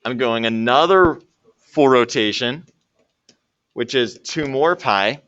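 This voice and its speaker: Working problems at a slow pace, a jokey male math teacher lectures to his class and chats with the students as he goes. His medium-pitched, slightly bright voice is animated, and the lo-fi recording has no room sound.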